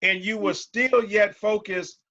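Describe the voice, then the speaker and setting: Male host, enthusiastic and affirming, bright tense tone, fairly high voice. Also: steady tone, a little slow, muffled recording. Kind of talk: interview hosting.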